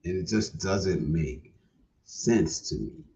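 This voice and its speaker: A man hosts a laid-back livestream in a deep, dark, creaky voice that is animated but slow. He repeats his points and often ends with "man," and the recording sounds distant, dull, and lo-fi.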